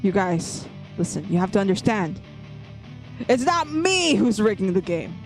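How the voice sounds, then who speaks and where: A woman's voice: mid-range voice, sing-song, measured pace, soft background music. A woman VTuber chatting playfully with her viewers on a live stream, teasing them, repeating herself and laughing often. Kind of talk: live-stream chat with viewers while drawing.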